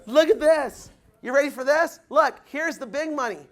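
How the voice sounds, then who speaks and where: High-voiced man firing up a crowd. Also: normal speed. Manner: loud, punchy, asks the crowd "you guys follow me?"; acts out quoted people in changed voices. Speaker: motivational speaker at recruit orientation. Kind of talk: energetic motivational speech to a live audience. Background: audience responding.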